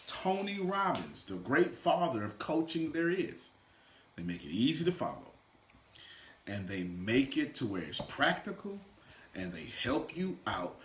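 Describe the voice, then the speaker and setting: Male motivational coach, animated and bright, lively pitch, echoey room. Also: measured pace, a little hiss or hum. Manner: animated, swings from loud shouts to quiet asides. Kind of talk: energetic motivational teaching. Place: room with a small live audience.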